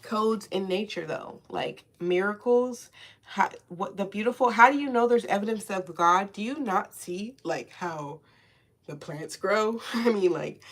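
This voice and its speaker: A woman giving a casual spiritual tarot reading, loose and profane, laughing often and stretching out soft repeated words. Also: fairly low pitch, a little hiss or hum. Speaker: tarot reader.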